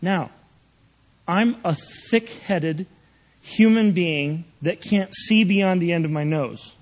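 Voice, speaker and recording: A man's voice: sits high, slow, darkish tone, muffled recording. A man preaching an earnest, conversational sermon, often checking in with his listeners.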